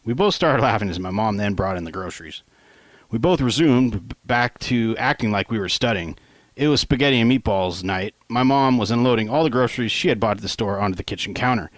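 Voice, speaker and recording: A man reads his own first-person novel aloud, low-pitched and relaxed, tossing in offhand asides and the odd swear word. The recording is dry and close, with no room sound. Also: a little fast, no room sound. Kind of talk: first-person audiobook narration.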